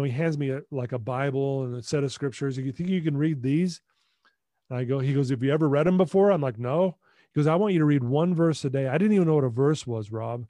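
This dry recording features a middle-aged man with a fairly high pitch, guesting on a podcast and recounting a personal story. His animated retelling includes acted-out dialogue and frequent restarts and repeated words.

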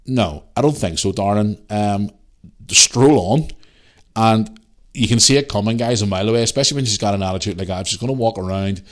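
A man's voice: fairly low pitch, brisk. A man, hosting a podcast and ranting in heated, swear-filled storytelling. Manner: heated storytelling, heavy swearing, animated re-enacted dialogue. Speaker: podcast host. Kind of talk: casual ranting monologue.

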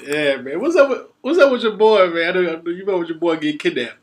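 A man co-hosting a casual, profane chat, laughing loudly and often. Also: high voice, expressive, fast.

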